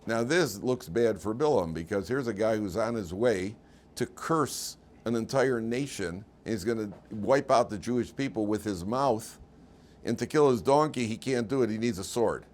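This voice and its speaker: Lower-voiced man giving a humorous lecture. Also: animated, moderate pace, a little mellow. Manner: conversational, humorous, quizzes the class. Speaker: rabbi teaching a weekly class. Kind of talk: informal lecture.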